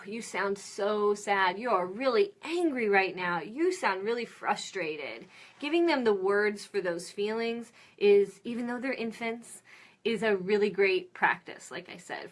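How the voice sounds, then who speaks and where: A woman in her thirties lecturing on parenting. She talks in an easy, conversational way, full of ums and gentle reassurance, and her voice sits at an ordinary middle pitch. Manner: conversational, encouraging, with fillers and acted baby-talk asides. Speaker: lecturer on child development. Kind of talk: informal recorded lecture.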